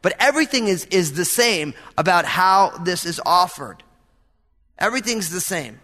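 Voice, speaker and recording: A pastor preaching a sermon in an earnest, conversational way, with casual asides to the congregation. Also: male voice, high voice, animated, normal speed, bright, forceful tone, in a large hall.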